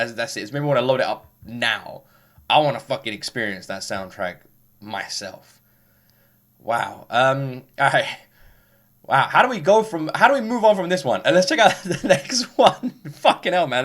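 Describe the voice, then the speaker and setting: A man hosting a music reaction, talking casually and effusively, rambling with halting restarts and some swearing. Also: medium pitch, fairly bright tone. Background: game soundtrack playing faintly.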